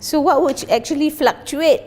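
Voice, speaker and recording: Lively higher-pitched woman teaching English. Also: normal speed, a little hiss or hum. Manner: lively, questioning, explains pronunciation. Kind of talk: classroom teaching.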